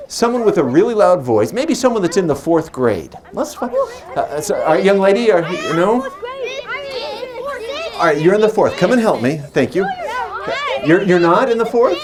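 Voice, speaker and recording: A man in his forties with a slightly high, somewhat mellow voice performs as a magician on a stage microphone. His live patter blends playful stories with teasing banter with the audience.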